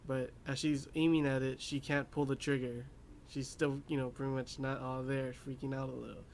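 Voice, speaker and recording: A man's voice: mid-range voice, little pitch movement, moderate pace, creaky, darkish tone, a little hiss or hum. A young man casually recapping an anime episode, rambling with lots of fillers and laughing at his own asides. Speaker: anime reviewer.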